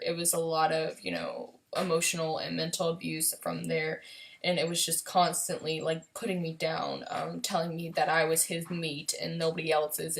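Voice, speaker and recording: A young woman with a slightly low voice recounts a painful chapter of her life straight to the camera. She speaks haltingly, with many pauses and fillers, and grows soft and subdued in the hardest moments. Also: gravelly, slight background noise. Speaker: vlogger. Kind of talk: personal storytelling vlog.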